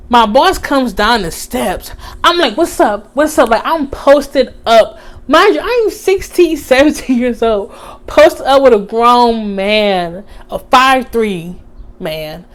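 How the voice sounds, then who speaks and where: A young woman vlogger casually telling a story in slangy speech, acting out the quotes with animated energy. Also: fairly high pitch, takes it slowly. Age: young adult.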